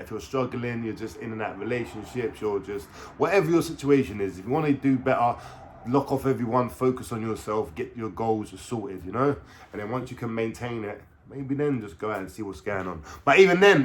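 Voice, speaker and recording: Slangy London man in his thirties. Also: mid-range voice. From England. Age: 30s. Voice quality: slangy, swearing, chatty. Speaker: vlogger. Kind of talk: casual storytime monologue.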